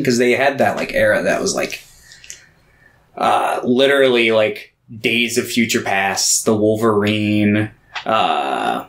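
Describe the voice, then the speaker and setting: A man's voice: on the low side, expressive, takes it slowly, a bit bright. A man co-hosting a casual podcast, rambling with lots of fillers and casual swearing. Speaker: podcast co-host. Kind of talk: casual chat.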